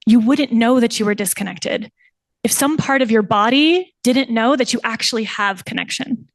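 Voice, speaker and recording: Animated woman telling a client story. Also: fairly high pitch, moderate pace, no room sound. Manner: animated, acts out quoted voices with laughter. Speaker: somatic practitioner presenting thesis. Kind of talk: personal storytelling presentation.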